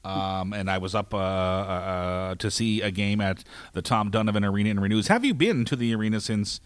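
A man hosting a casual podcast, talking in an easygoing way with many pauses. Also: lowish voice, smooth, no echo. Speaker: podcast host.

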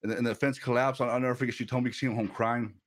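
A male pastor delivering a sermon at an ordinary middle pitch. He talks in a loose, conversational way, repeating words and restarting sentences as he tells personal stories, with a laugh now and then. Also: flat delivery, very fast.

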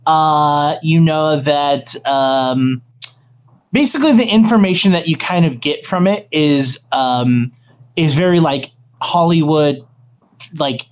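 A game master describing the scene to the players, halting and full of fillers and restarts. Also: mid-range voice. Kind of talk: narrating a tabletop game.

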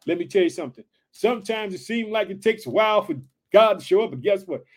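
A man preaching and praying to an online audience, excited and full of repeated catchphrases. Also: high-pitched, fast talker. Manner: excited, repeats "let me tell you something" and "guess what". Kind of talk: online sermon and prayer.

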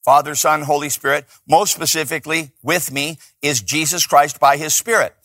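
Male pastor, slightly high voice, dynamic sermon delivery, loud peaks and soft asides. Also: fairly even intonation, moderate pace, dry recording, clean studio sound. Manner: dynamic preaching, swinging between loud emphatic peaks and hushed asides.

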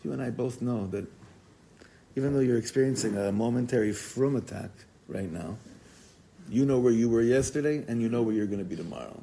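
A man giving an informal, animated Torah class, telling stories and mixing in Hebrew and Yiddish words. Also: medium pitch, fairly quick, creaky, slightly rough, rough recording. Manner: animated storytelling, code-switching with Hebrew and Yiddish terms.

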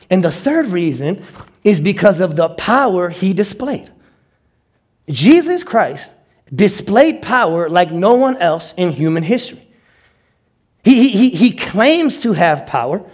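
A male pastor preaching with a notably high voice. He swings into quoted voices and repeats words as he pushes his points along. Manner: animated, acts out quotes with stammered repeats. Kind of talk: sermon.

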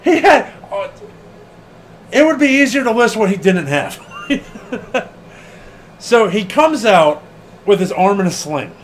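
A man with a high, lively voice talks slowly through a casual wrestling podcast. He laughs a lot, swears freely and acts out what people said. A faint hum of room noise sits behind him. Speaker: podcast co-host.

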